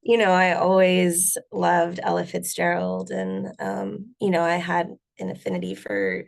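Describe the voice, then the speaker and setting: A woman singer and bassist chatting in an interview, rambling with lots of fillers. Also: measured pace, vocal fry. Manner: rambling, many fillers, laughs often. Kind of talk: casual interview chat.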